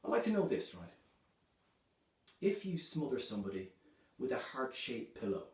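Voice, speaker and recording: Man doing dark deadpan stand-up, echoey. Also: medium pitch, normal speed. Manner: dark deadpan jokes, conversational with many "you know" and "right". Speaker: stand-up comedian. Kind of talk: stand-up comedy set. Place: comedy club stage. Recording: echoey room, voice from a distance.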